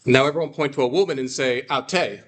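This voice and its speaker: A man teaching a classroom, drawing out phrases slowly for the class to repeat. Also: mid-range voice. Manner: slow, drawn-out model phrases for repeating. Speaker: Greek teacher.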